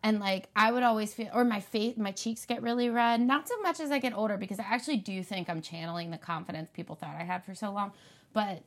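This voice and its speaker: A woman from the Philadelphia area, chatting casually and telling animated stories. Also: medium pitch, quick pace. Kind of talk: casual chat.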